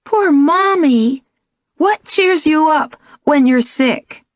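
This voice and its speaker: Brief: a giggly little girl in an audiobook, high and sing-song, slow and lilting. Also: animated, no echo, clean studio sound. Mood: playful. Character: cheerful little girl who loves jokes.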